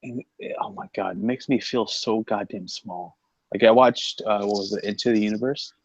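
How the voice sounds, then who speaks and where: A man in casual livestream banter, excitable and swearing a lot, with loud outbursts. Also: on the low side, normal speed, dry recording, lo-fi sound. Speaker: co-host.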